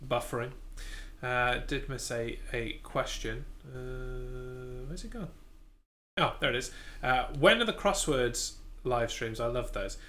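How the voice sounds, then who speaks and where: A man co-hosting a live-stream chat, speaking in a dry, low-key way with short remarks. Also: slow, bright, forceful tone. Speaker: podcast co-host.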